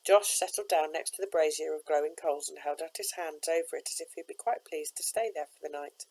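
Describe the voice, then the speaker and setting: A woman, a teacher, reading a children's novel aloud with steady, expressive narration. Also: low voice, fairly quick, rough recording.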